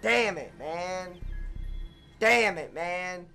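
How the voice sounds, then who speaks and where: A young man with a high, bright voice rants through live gameplay commentary, swearing and exasperated. He drawls slowly, jumping from shouts to low mutters, with faint game music underneath. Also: vocal fry. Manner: ranting, swings from shouting to muttering. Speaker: gaming streamer.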